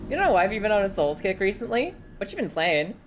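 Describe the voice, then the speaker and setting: A woman streaming a game live, chatting casually with viewers, swearing freely and breaking into high squeals when the game startles her. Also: expressive, fast talker, a little hiss or hum.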